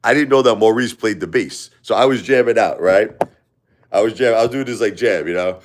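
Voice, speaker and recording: A man's voice: on the low side, fairly quick. A man hosting a live stream, telling a casual, rambling story full of asides and "you know"s. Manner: rambling, digressive, frequent "you know" and "right?".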